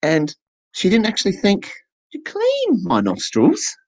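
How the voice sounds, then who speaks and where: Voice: medium pitch, wildly swooping pitch, a little slow, breathy edge, low-quality recording. A performer with an Australian accent telling a self-mocking comic story and acting out the voices. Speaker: stand-up performer, voicing a deaf comedian's set. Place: online festival stage.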